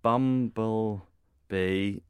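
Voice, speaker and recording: A man's voice: on the low side, fairly even intonation, a little mellow, smooth, no room sound. A man chatting casually, teasing his co-host and joking at his own expense. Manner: teasing, self-mocking, quick to laugh. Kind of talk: casual chat.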